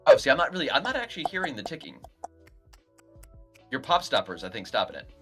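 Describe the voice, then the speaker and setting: A sardonic, profane man cohosting a comedy advice podcast, his voice bright and lively. He talks animatedly into a podcast mic. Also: mid-range voice, fast talker, faint music behind. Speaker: podcast co-host. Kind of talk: casual comedic chat.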